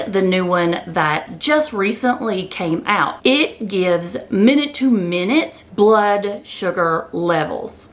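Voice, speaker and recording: Slow-talking woman, candid vlogger chat. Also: mid-range voice. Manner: candid, repeats phrases for emphasis. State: close to tears. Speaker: keto vlogger. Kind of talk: emotional personal chat to camera.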